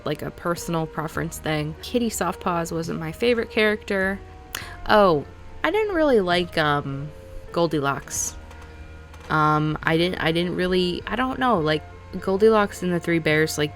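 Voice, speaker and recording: A woman's voice: fairly low pitch, fairly bright tone. A woman casually reviewing a film for her channel, rambling and correcting herself as she goes, with little laughs and hedges. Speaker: movie review vlogger.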